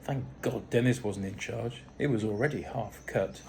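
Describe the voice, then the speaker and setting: A man's voice: on the low side, moderate pace, gravelly, darkish tone, a little hiss or hum. Dry, wry male storyteller. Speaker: audiobook narrator. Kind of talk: first-person storytelling narration.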